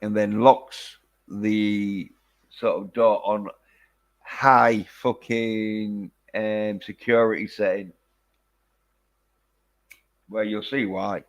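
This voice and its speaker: A man's voice: fairly low pitch, level tone, drawn-out words, long pauses, dull audio. A man casually chatting through a film review, rambling with lots of fillers and casual swearing. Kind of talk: casual chat.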